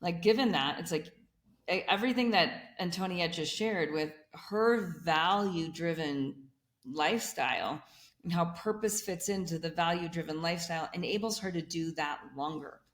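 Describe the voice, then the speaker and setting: A woman in a conversational interview who explains energetically and builds her points in repeated lists. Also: fairly low pitch. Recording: echoey room.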